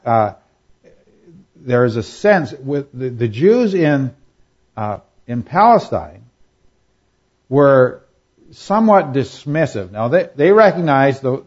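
A man teaching a class on scripture, pausing often with fillers and checking in with "all right?". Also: medium pitch, a little mellow, muffled recording. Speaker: Bible teacher.

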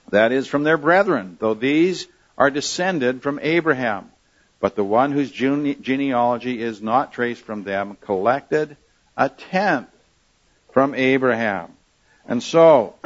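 A man's voice: mid-range voice, dull audio. A man preaching a sermon, explaining a scripture passage unhurriedly with frequent fillers and restarts. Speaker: pastor.

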